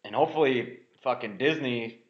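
A man with a medium-pitched voice and normal pace co-hosts a laid-back podcast, giving blunt takes on sports and the news with frequent cursing. It's captured in roomy, somewhat muffled lo-fi sound.

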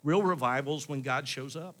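A man's voice: mid-range voice, brisk, a bit bright. A male pastor preaching a sermon in church, building to pleading questions.

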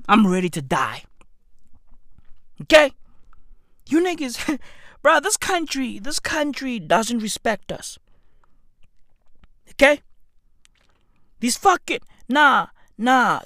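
A high-pitched woman rants to camera with wildly swinging pitch and an unhurried, drawn-out delivery. Her complaints come out as profane, melodramatic mock despair, repeated over and over. The sound is close and dry. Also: lively intonation, a bit bright, dry recording. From South Africa. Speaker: online commentator. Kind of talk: ranting vlog commentary.

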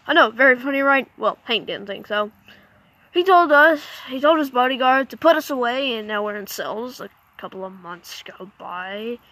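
A woman spins a silly adventure yarn in a high, bright voice. She jokes at her own expense and makes her own mouth sound effects. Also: animated, moderate pace, no room sound. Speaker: storyteller. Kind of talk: playful comic storytelling.

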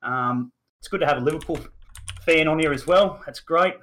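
Hosting a laid-back sports podcast, this thirtysomething from Newcastle, Australia, has a slightly high, fairly bright voice at normal speed. Fillers pile up as he rambles, and a mild swear slips out occasionally.

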